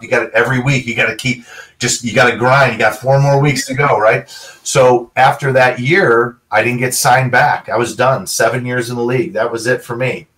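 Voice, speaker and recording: A man's voice: mid-range voice, far from the mic. A middle-aged man, a former pro football player, telling stories as an interview guest and acting out the dialogue. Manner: animated storyteller, acts out quoted dialogue. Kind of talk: casual storytelling.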